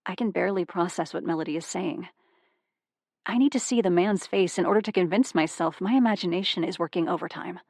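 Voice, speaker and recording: A woman narrating a first-person psychological thriller audiobook, tense and hushed in dark moments. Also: lowish voice, fairly quick, gravelly, no echo, clean studio sound.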